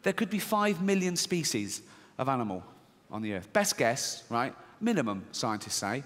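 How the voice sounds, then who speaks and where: Animated stand-up comic man in a hall. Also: moderate pace. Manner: deadpan, swearing, acts out high squeaky voices. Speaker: stand-up comedian. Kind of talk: stand-up comedy. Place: large theater with audience. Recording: live theater, audience laughter.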